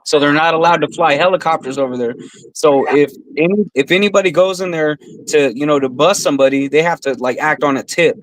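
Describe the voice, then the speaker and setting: Swearing storyteller man, slightly high voice. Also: brisk, a little hiss or hum, low-quality recording. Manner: profane, storytelling, says bro often. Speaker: podcast co-host. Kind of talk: casual chat.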